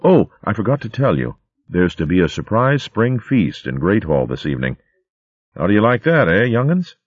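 A strong, kindly warrior mouse, as a man puts him on, speaking gently and reassuringly in a voice close to the reader's own deep one. The storybook sound is dry and slightly muffled. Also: very animated, moderate pace, husky, dry recording.

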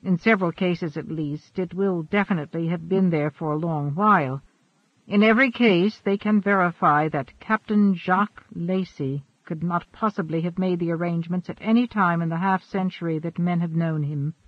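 A man voicing a calm, ageless immortal adventurer who speaks in a measured, earnest and formal way. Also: sits high, no room sound. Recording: dry, dull lo-fi.

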